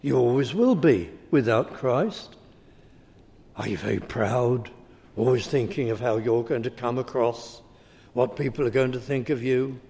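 A man's voice: mid-range voice, measured pace, dark tone. A man preaching a sermon, speaking emphatically and returning again and again to a repeated refrain. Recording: reverberant hall.

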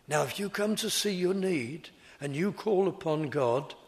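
A man preaching a sermon in slow, deliberate, repetitive phrases. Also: a little high, animated.

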